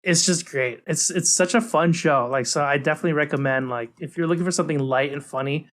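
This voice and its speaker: A young man co-hosting a casual podcast, talking animatedly and mimicking characters in high voices. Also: fast talker, a bit bright. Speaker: podcast co-host. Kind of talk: casual chat.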